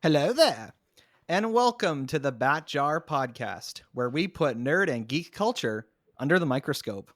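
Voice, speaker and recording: A man's voice: fairly high pitch, very animated, unhurried, dry recording, clean studio sound. A man hosting a podcast, chatting casually and eagerly recommending shows, poking fun at himself. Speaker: podcast host. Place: home, recorded remotely.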